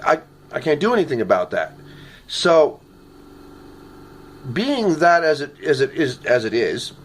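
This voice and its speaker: A man's voice: fairly high pitch, very animated, unhurried, a little hiss or hum. Earnest man rambling into his phone. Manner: earnest, repeats "okay?" often. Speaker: vlogger recording a message. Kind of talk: rambling personal video message. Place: his apartment. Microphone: phone camera.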